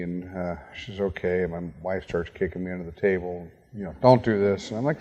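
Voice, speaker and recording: A man's voice: low-pitched, a little fast, mellow, highs cut off. A middle-aged man giving a talk as a guest speaker, telling a story and acting out the dialogue with lots of energy. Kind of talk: storytelling talk to a university audience. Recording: long hall reverb.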